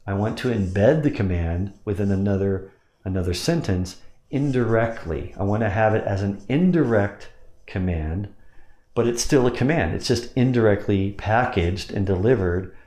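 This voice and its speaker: Casting note: man with a lowish voice, instructional coach who breaks ideas down step by step, roomy echo. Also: animated, moderate pace, a little mellow. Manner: explains step by step, demonstrates with pitch changes. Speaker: sales hypnosis coach. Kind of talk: instructional explanation.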